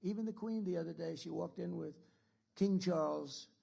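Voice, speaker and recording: A man's voice: on the high side, moderate pace, vocal fry, dark tone. A man speaking as president, giving a rambling, repetitive and boastful political speech to an audience in an indoor room.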